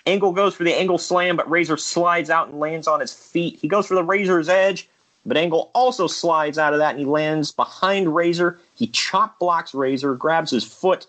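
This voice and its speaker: A man's voice: a little high, moderate pace, fairly bright tone. Easygoing man recapping wrestling matches. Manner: easygoing, laughs at his own bits, occasional uh fillers. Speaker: show host recapping a figure wrestling league. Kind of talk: casual play-by-play recap.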